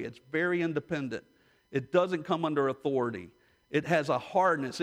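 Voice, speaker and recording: A middle-aged man pastor giving an emphatic sermon, repeating key lines for emphasis. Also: fairly high pitch.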